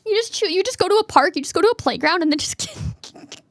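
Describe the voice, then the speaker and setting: A woman streamer chatting casually and reading questions aloud, giggly and playful, sometimes bursting into a yell. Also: very high-pitched, expressive, quick pace, noisy background.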